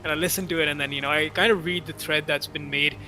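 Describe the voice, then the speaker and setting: A man from India, chatting casually and haltingly while gaming with friends. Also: on the high side, steady tone, bright, forceful tone, slight background noise. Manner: rambling, halting with many fillers and restarts. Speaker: gaming stream co-player. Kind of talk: casual chat.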